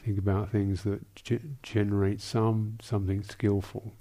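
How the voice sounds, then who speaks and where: A gravelly, somewhat low man's voice, a Buddhist monk teaching in a dharma talk. He speaks thoughtfully and haltingly, restarting phrases and adding small asides. The tone stays dark and mellow. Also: level tone. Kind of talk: dharma talk answering questions.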